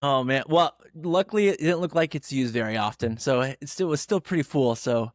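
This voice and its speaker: A man hosting a casual podcast, telling stories with lively acted-out quotes. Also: mid-range voice, normal speed, hardly any pauses, dry recording, studio quality. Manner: animated storyteller, acts out quotes. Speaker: podcast host.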